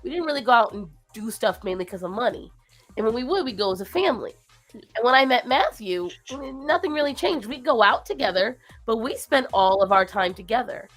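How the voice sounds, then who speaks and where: A woman chatting casually on her livestream. She rambles, sounds tired and low after a long week, and breaks off to talk baby talk to her pets. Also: expressive, fairly quick, soft background music. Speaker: stream host.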